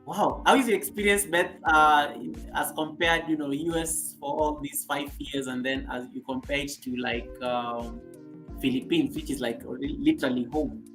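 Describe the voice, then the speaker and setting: A woman's voice: low-pitched, steady tone, moderate pace, over music. A woman from Kenya with a Kenyan accent, hosting a casual live stream and chatting with viewers, laughing often and repeating herself.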